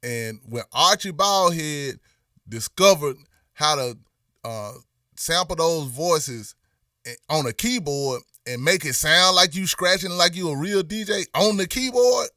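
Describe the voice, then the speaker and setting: A man's voice: fairly high pitch, measured pace, dry recording, studio quality, recorded from a distance. A man with a Memphis Southern accent hosting a casual livestream, talking loosely and slangy and answering viewers in the chat. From Memphis, USA. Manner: slangy, animated when greeting viewers. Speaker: livestream host.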